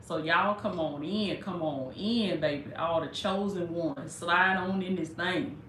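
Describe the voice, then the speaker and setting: A woman's voice: on the low side, measured pace, slight background noise. A woman hosting a casual preaching livestream. She greets viewers over and over and calls them "baby.". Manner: warm, repetitive welcoming, calls listeners "baby". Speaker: livestream host and life coach. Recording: echoey room.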